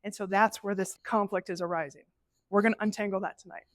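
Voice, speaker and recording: A middle-aged woman presenting a live workshop, animated and conversational, acting out inner voices as she teaches. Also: medium pitch, quick pace, no echo. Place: event space with an audience.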